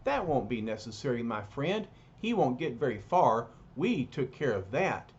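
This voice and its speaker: A man voicing a calm, explaining male hero leader, in a dull lo-fi recording. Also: fairly high pitch, measured pace, slightly rough, exaggerated voice.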